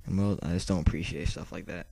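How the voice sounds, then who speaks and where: Gravelly young man rambling. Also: deep voice, fairly even intonation, quick pace, slight background noise. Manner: rambling, with many fillers and swearing; volume swings between quiet and loud. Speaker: vlogger. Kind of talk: casual storytelling monologue.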